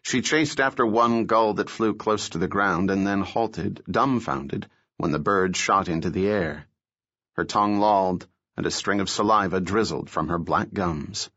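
Low-voiced male audiobook narrator. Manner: steady, measured storytelling. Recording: dull lo-fi recording.

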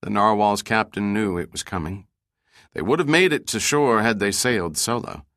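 Low-voiced man narrating a thriller. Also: no room sound, studio quality. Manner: even, measured storytelling. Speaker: audiobook narrator. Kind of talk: scripted narration.

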